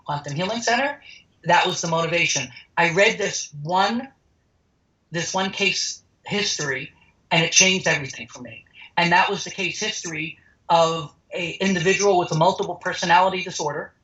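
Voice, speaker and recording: A man's voice: high voice, pushed and bright, muffled recording. A man interviewed as the founder of a healing center, talking emphatically and acting out the people in his stories. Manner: emphatic, acts out quoted dialogue. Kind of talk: animated interview storytelling.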